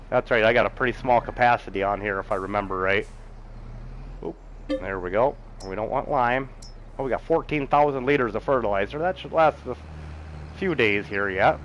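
A man's voice: mid-range voice, a little hiss or hum, poor audio. A middle-aged man casually commenting on his farming game as he plays. He chats with viewers, chuckles often and talks to himself about the next task. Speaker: game streamer. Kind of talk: casual gameplay commentary while reading chat.

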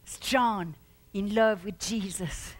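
A woman pastor preaching a fervent sermon, shouting out exclamations and repeating words for emphasis. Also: medium pitch, slow pace.

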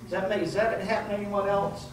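Man, pastor, fairly high voice, earnest emotional sermon, echoey hall, far from mic. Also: level tone, fast. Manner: earnest, emotional preaching with repeated phrases. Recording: echoey room heard from a distance with faint noise.

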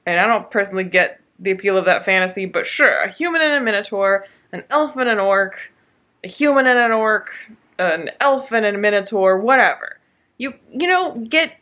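A woman talks casually to her camera about a book, slipping into sarcastic, exasperated rants. Her voice is bright and forward, and her speech is full of fillers and quick restarts. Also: a little high. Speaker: book vlogger. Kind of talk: casual reading vlog.

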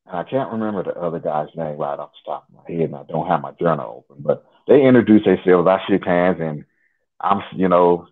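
A man from Nebraska, a guest in an interview, telling a personal story in an unhurried, detailed, conversational way. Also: low voice, lively intonation, husky. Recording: tinny phone line.

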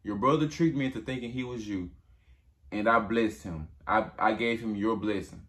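A man voicing an old father in a spoken story, speaking slowly and solemnly. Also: lowish voice, fairly bright tone, natural voice. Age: older.

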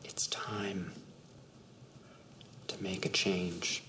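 A man playing a quiet, deep-voiced grown son. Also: flat delivery, in a whisper, exaggerated voice. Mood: earnest. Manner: quiet, measured, halting. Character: grown adopted son calmly breaking away from father. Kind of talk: amateur film scene re-enactment.

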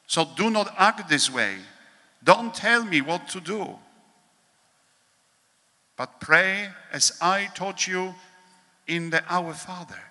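Man, priest, solemn devotional reading, very unhurried, slightly high voice, long hall reverb. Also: pushed and bright. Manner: slow, measured, solemn reading with pauses. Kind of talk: reading a devotional meditation at a holy hour. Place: large conference hall. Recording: echoey large hall.

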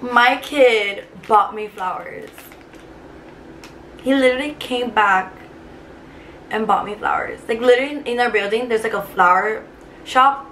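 Young woman vlogger, higher voice, rambling emotional chat with lots of fillers, light noise behind. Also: unhurried, long pauses, fairly bright tone. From Cuba. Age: 20s. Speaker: vlogger, teacher. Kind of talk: casual chat to camera. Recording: faint background noise.

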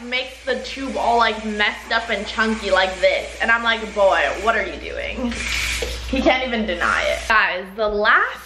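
A young woman vlogging casually with her boyfriend, chatty and quick to giggle. Her voice is bright and forceful, with a slightly high pitch. It rings in a roomy, echoey space over faint background hum. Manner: giggly, chatty, addresses viewers as guys. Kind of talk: casual couple vlog.

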